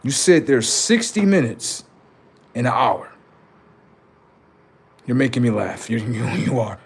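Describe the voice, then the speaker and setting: A man's voice: mid-range voice, very animated, unhurried, breathy edge. A man on a live stream, chatting casually and swearing, then lecturing his viewers insistently about number codes.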